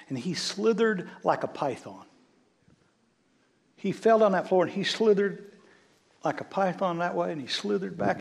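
A man preaching a sermon as a bishop, swinging between loud calls and hushed storytelling. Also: fairly high pitch, gravelly. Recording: long hall reverb.

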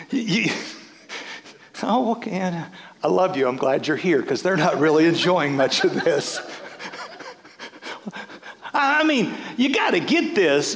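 A high, lively male voice preaching in a big church hall, the sound trailing off in a long reverb. He is a middle-aged pastor who jokes, laughs and restarts his sentences as he goes. His pitch swings widely from line to line. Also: vocal fry. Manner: animated, joking preacher with laughs and repeated restarts. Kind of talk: sermon.

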